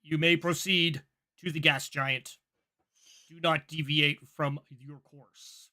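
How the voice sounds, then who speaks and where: A woman's voice: low voice, fairly even intonation, slow pace, bright, forceful tone, full character voice. A man voicing a stern, commanding female starship commander who speaks in clipped, formal orders.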